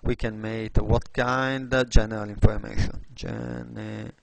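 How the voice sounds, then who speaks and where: Slow, gravelly Italian man teaching design. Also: on the low side, flat delivery, dry recording. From Italy. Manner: halting, thinking aloud with many fillers and restarts. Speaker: design tutor. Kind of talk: screen-recorded tutorial.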